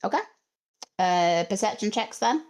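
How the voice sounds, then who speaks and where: A woman runs a tabletop game over a home microphone, describing rooms and calling for checks. She speaks slowly and unhurriedly, with frequent ums and searching pauses between phrases. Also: mid-range voice, animated, a little mellow. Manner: slow, hesitant, many ums. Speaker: game master. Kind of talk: narrating a tabletop game online.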